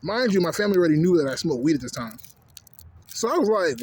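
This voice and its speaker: A man's voice: a little high, very animated, fast talker, a little mellow, a little hiss or hum. A young man in his twenties from Canada, ranting casually in a profane, rambling way, with lots of filler phrases. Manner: profane, rambling, full of "you know what I'm saying". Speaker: vlogger. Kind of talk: casual rant.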